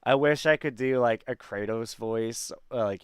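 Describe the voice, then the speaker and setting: Chatty man with a smooth voice. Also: medium pitch, normal speed, no room sound. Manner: chatty, laughs often, many fillers. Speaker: host. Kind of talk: casual chat.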